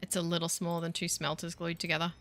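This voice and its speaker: A woman's voice: fairly low pitch, completely flat delivery, fast talker, a bit bright, a little hiss or hum. A woman giving casual gameplay commentary, wry and self-mocking, grumbling at the game as she builds. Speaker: gaming video host.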